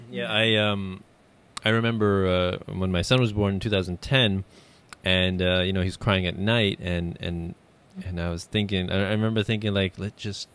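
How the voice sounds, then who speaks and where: A young adult man hosting a relaxed interview, talking in a rambling way with lots of fillers and restarts. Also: low-pitched, normal speed, clear, resonant tone. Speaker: podcast host. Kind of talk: casual conversational interview.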